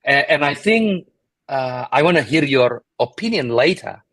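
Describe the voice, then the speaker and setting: A man's voice: mid-range voice, animated, unhurried, fairly bright tone, dry recording, rough recording. A man co-hosting an interview, jokey and prone to cutting in, speaking loosely and informally. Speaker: co-host. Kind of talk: casual interview chat.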